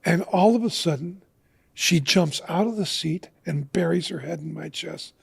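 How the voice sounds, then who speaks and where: A middle-aged man sits as a guest on an interview show and tells a personal story in earnest. His voice is gravelly and husky and sits a little high for a man. He acts out the lines of the people in the story. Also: normal speed. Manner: earnest storyteller, acting out quotes.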